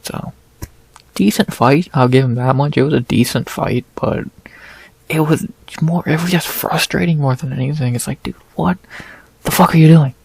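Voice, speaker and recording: Man hosting a fight recap, gravelly and a little husky, exasperated ranting with lots of swearing, dry close mic. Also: a little high, normal speed, darkish tone, no echo. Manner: stammering restarts. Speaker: MMA recap host. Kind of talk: profane casual fight recap.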